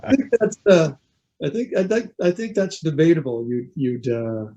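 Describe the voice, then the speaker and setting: Mellow-voiced Canadian man chatting as guest. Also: on the high side, moderate pace, lo-fi sound. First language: French. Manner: relaxed, rambling, many restarts and fillers. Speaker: guest singer. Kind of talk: casual interview chat.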